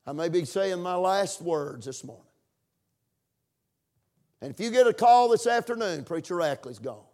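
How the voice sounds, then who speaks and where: A man's voice: high-pitched, expressive, normal speed, dark tone. A middle-aged man preaching a sermon and leading a fervent prayer. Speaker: pastor.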